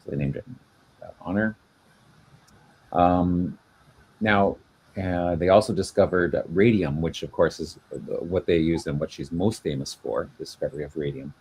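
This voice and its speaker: Low raspy guy rambling on a video call, lots of uh and false starts. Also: darkish tone. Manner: halting, many fillers and restarts, chatty explaining. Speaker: genealogy show co-host. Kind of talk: casual chat.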